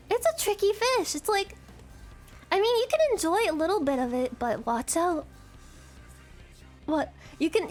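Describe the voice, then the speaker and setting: A woman streamer in a casual chat, rambling and giggly, swearing freely. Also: high voice.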